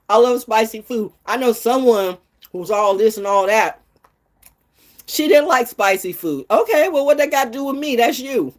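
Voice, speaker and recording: A woman in her sixties ranting bluntly and profanely in an unscripted vlog, jumping from low mutters to high outbursts and loud laughs. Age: 60s. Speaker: vlogger. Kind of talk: unscripted rant to camera.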